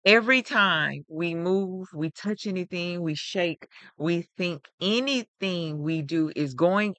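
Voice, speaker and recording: A woman's voice: on the low side, pushed and bright, dry recording. A woman co-hosting a podcast in casual, upbeat chat, laughing often and speaking with emphasis. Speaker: podcast co-host.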